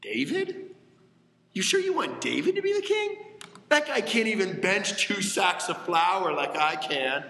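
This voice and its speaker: Man playing a cocky big brother, high brash voice, hall reverb. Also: big pitch swings, unhurried, pushed and bright, exaggerated voice. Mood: boastful. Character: boastful muscle-bound older brother.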